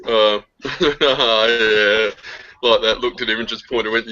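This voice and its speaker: A man's voice: lowish voice, fairly even intonation, slow, pushed and bright. A man co-hosting a casual online chat show, rambling through anecdotes and laughing often at his own stories over lo-fi call audio. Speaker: podcast co-host.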